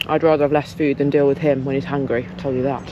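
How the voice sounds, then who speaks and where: A woman keeps up a cheerful, rambling vlog chat out in open countryside, greeting animals along the way. Wind and road noise push through clearly behind her voice. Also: very deep voice, level tone, fast, muffled recording. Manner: chatty, talks to animals and to herself. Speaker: cycling vlogger. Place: outdoors in countryside on a long bike ride.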